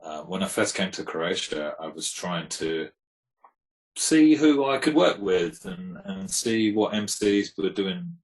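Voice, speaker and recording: A man with a very low, deep voice talks casually. He is laid-back and reflective, and he rambles a little as he thinks aloud. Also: lively intonation, slow, low-quality recording. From England. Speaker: guest, hip hop producer. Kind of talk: casual conversation.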